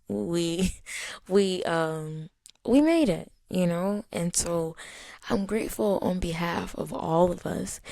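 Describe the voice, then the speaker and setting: Slow-spoken woman in her thirties, tearful. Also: deep voice, creaky, darkish tone, no echo. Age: 30s. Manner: emotional, tearful at moments, grateful, repeats phrases. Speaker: podcast host. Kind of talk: reflective solo podcast talk.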